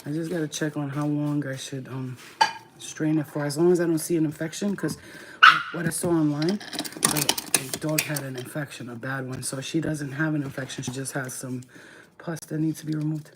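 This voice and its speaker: A woman's voice: sits low, fairly even intonation, normal speed. A woman vlogging casually as she tends her pets, cooing baby talk at them and swearing offhandedly. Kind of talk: casual vlog chat while caring for pets. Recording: noisy home video with ambient sound.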